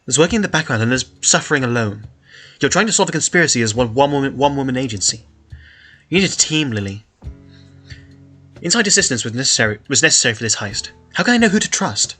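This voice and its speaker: A fussy, motherly female troll who gently chides, as a man reads her lines aloud. The voice is bright and forward, with faint music in the background. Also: mid-range voice, expressive, quick pace, breathy edge. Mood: urging. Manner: chiding, gently scolding.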